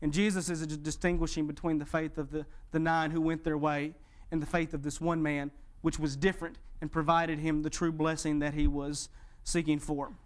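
A man preaching a sermon, with dramatic pauses and emphatic, expressive delivery. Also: on the high side, clear, resonant tone. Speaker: pastor.

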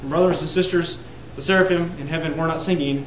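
A man preaching a sermon to a congregation, building to loud emphatic peaks on repeated words. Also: on the high side, fairly even intonation, quick pace, reverberant, slight background noise, poor audio. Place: church sanctuary.

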